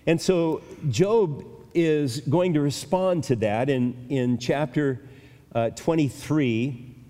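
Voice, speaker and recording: An older male pastor teaching a Bible passage in a conversational sermon, pausing and restarting as he thinks aloud. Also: a little high, warm tone. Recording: long reverb of a large hall.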